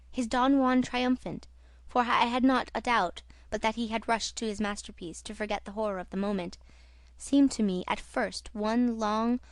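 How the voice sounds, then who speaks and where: Woman, audiobook narrator, theatrical horror reading, higher voice, dry booth sound. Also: dry recording. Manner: expressive, theatrical.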